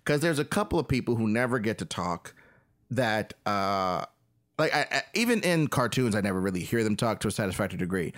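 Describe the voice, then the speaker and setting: Excitable male podcast co-host, very lively pitch, casual and profane. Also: a little fast. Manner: excitable, swearing, laughing often. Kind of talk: casual chat.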